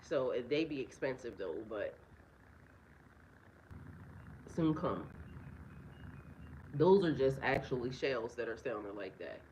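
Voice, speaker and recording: A woman's voice: rumbling low, expressive, measured pace, darkish tone, a little hiss or hum, poor audio. A woman giving a casual astrology reading outdoors in a yard, talking bluntly and with heavy profanity, often breaking into laughter. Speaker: spiritual reader and life coach. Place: outdoors in a yard with birds nearby.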